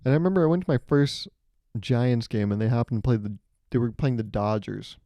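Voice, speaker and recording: A young podcaster speaks briskly in a mid-range voice over a dry recording. Going solo, he rambles through comedic stories with sarcasm, throwing in loud acted-out voices.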